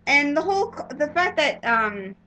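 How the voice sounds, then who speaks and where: A young woman's bright, fairly high voice tumbles through a fan review of a TV episode, full of filler words and restarts. She gushes and rambles rather than reads. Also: very animated, normal speed, a little hiss or hum, low-quality recording. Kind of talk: casual spoiler review monologue.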